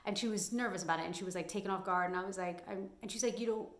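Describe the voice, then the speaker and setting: A woman's voice: medium pitch, rapid-fire. Candid woman vlogging in an echoey room. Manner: candid and emphatic, blunt. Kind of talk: personal advice vlog.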